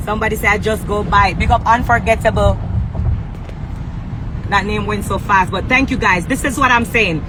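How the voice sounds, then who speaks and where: A woman's voice: medium pitch, normal speed, pauses often, background noise. A woman with a Jamaican accent chatting on a livestream from a moving car, brash and hyped, trash-talking and laughing. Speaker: singer on a livestream. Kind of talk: casual livestream chat.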